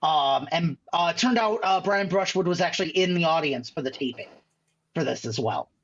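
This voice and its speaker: A man's voice: a little high, animated, normal speed, fairly bright tone, lo-fi sound. A man from the Chicago area, a guest magician telling stories in a casual podcast chat, acting out other people's lines as he goes. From Chicago area, USA.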